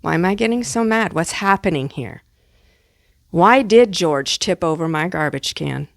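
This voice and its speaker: A woman giving a casual, animated spiritual teaching to her students, with chatty, playful asides. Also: on the low side, normal speed, vocal fry, dry recording, studio quality.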